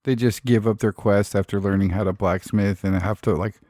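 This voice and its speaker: A man's voice: on the low side, steady tone, fairly quick, mellow, no echo, clean studio sound. A man co-hosting a podcast in casual chat, joking and swearing freely. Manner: profane, jokey, laughs often. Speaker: podcast co-host.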